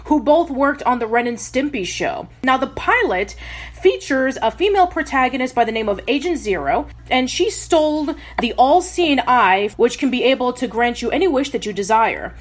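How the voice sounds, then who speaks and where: A woman's voice: sits high, very animated, moderate pace. A woman co-hosting a casual podcast, walking through a plot at length with fillers. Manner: recaps plots at length with fillers. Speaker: podcast co-host.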